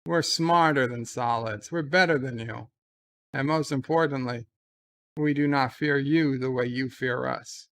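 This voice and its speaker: A man's voice: medium pitch, measured pace, fairly bright tone. A man voicing a smug male shapeshifter who poses as a human and taunts his foe. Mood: taunting.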